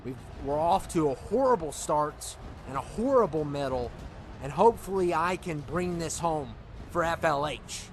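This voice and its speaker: A man's voice: fairly high pitch, animated, moderate pace, a little hiss or hum. A man whining and rambling as he commentates a wrestling video game in character. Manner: whiny, exasperated rambling.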